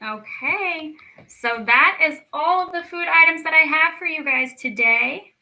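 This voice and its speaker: A woman leading a children's storytime lesson, speaking slowly and clearly with encouraging teacher talk. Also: high-pitched, sharp tone, rough recording. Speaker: speech clinic storyteller.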